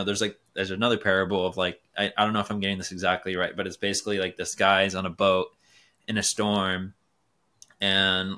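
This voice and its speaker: Low, bright-toned young man. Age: 20s. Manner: earnest, philosophical, tells parables with many fillers. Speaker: guest, race car driver. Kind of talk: casual podcast conversation.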